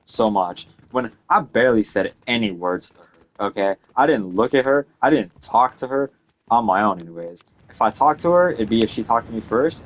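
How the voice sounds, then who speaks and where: A man's voice: on the low side, a little hiss or hum. A young man in his late teens telling a story in a casual, exasperated rant, swearing freely and checking in with "okay?" and "all right?". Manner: profane, tags lines with "okay?" and "all right?"; exasperated, ranting.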